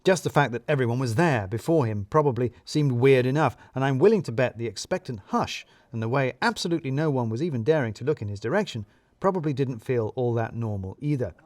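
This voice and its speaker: Man, first-person story narration, wry and self-mocking, animated pitch, dry close sound. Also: quick pace, dry recording.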